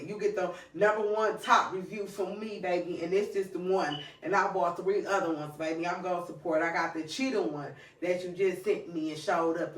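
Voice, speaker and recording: A woman hosting her own podcast solo, talking passionately in repeated, preachy bursts. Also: lowish voice. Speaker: podcast host. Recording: echoey room, distant mic.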